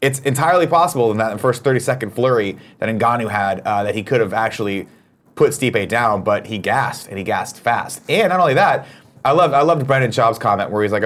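A man's voice: medium pitch, a little fast, a bit bright. A man co-hosting a casual morning chat show, reading viewer comments and trading profane, joking banter with his co-hosts.

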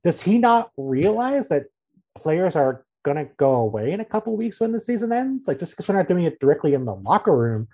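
Sardonic man with a mellow voice. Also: on the high side, big pitch swings, brisk. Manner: incredulous, sardonic, reads out quotes. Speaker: podcast host. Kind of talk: casual podcast chat.

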